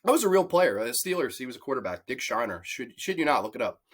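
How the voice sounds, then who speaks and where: A man's voice: mid-range voice, big pitch swings, fast talker, husky. A man delivering an angry, profanity-heavy movie review rant, repeating himself in exasperation. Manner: angry, sweary, repetitive, exasperated.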